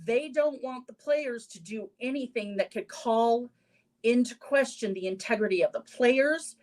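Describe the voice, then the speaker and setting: A woman's voice: on the high side, a little slow, darkish tone. A woman hosting a casual sports podcast segment, talking in a chatty way and laughing at her own lines. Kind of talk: casual opinion talk.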